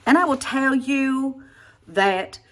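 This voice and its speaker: A woman's voice: high voice, slow pace, a bit bright. A woman in her sixties venting in a rambling comic monologue, exasperated, with frequent sighs and restarts. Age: 60s. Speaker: comedic vlogger playing a satire version of herself.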